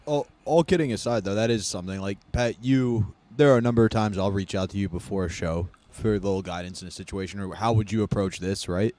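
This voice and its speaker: A man in casual podcast banter, joking and chiming in with quick bits. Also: on the low side, a little mellow. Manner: jokey, chimes in with bits.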